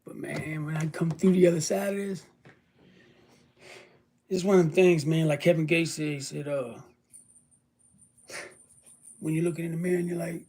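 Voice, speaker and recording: A man's voice: a little high, fairly even intonation, moderate pace, long pauses, warm tone. A worn-out, ill man talking casually and emotionally to his viewers, rambling and swearing freely. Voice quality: gravelly. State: weary and ill. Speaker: vlogger. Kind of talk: casual vlog talk to viewers.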